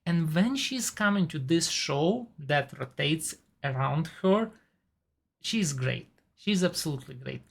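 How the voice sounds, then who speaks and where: A woman in her forties speaks English with a non-native accent in a low, gravelly voice. She talks slowly and chats casually about shows and actors she loves, keen and unhurried. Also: lively intonation. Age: 40s. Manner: chatty, enthusiastic about actors. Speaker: TV and movie reviewer. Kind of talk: casual chat.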